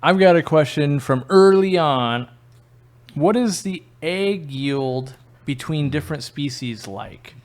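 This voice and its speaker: A man's voice: fairly high pitch, lively intonation, slow. A young man hosting a casual podcast, easygoing, laughing along and asking his guest questions. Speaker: podcast host. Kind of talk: casual chat.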